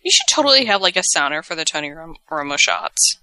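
A woman co-hosting a podcast in casual chat, playful and quick with reactions. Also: sits low, big pitch swings, pushed and bright, no room sound. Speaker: podcast co-host.

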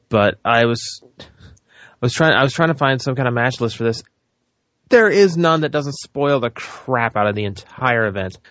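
A man's voice: medium pitch, fairly bright tone, no room sound. A man in casual podcast chat, rambling and thinking aloud as he looks something up. The recording is dry, with no room sound. The audio is dull and lo-fi. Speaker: wrestling podcast co-host.

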